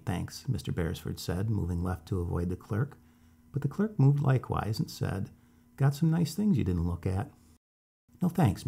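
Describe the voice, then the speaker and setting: Male narrator, low and dark, measured suspense reading of a story. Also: creaky, breathy edge. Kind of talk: scripted narration of a short story.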